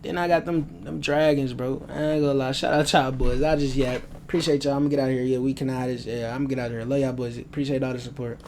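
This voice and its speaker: A man's voice: mid-range voice, little pitch movement, fast, gravelly, few pauses, darkish tone, slight background noise. A young man at home, rambling loosely in slang through his sports predictions as a casual vlogger. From United States. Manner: loose, slangy, rambling and self-aware about rambling.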